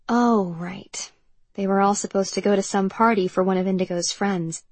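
A woman narrating an audiobook novel in an even, measured storytelling manner. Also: medium pitch, dry recording. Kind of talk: scripted narration.

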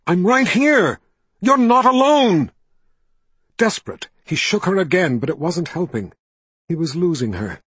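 Slow, husky male audiobook narrator. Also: a little high, no room sound. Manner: measured, steady storytelling.

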